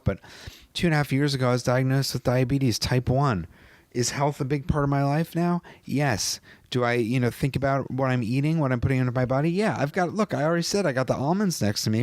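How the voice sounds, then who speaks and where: A man's voice: mid-range voice, no echo. A male comedian giving a casual, rambling commentary, often breaking off mid-sentence to tell stories. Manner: rambling, self-interrupting, anecdotal.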